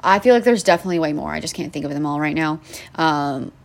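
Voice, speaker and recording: A woman's voice: deep voice, fast talker, gravelly. Young woman podcast host, casual rant, sarcastic and foul-mouthed, lots of ums. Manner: profane, rambling, sarcastic, lots of fillers. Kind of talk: casual venting monologue.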